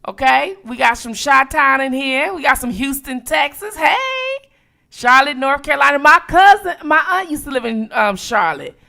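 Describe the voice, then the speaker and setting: A woman from Detroit hosting a late-night livestream, chatting casually with viewers and reacting quickly to each comment. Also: high voice, gravelly. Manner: animated, reads out viewer locations with quick reactions. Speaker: livestream host.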